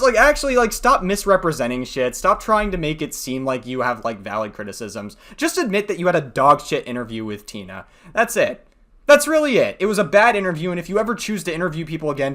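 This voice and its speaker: A man's voice: a little high, sharp tone. Mocking, exasperated young man. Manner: mocking, exasperated, swearing a lot. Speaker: commentary YouTuber. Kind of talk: reaction commentary.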